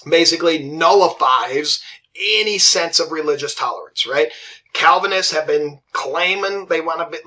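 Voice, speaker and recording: A male history teacher lectures in a loose, conversational way. His voice sits a little high and rings bright and forward. He keeps checking in with his students and slips into brief impressions of the figures he describes. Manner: chatty, asks "right?" often, acts out historical figures in quick asides. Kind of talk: casual classroom lecture.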